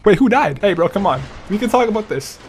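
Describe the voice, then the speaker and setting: A man's voice: high voice, big pitch swings, fast talker, slight background noise. A young man giving playful, trolling gameplay commentary, laughing often. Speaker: gaming streamer.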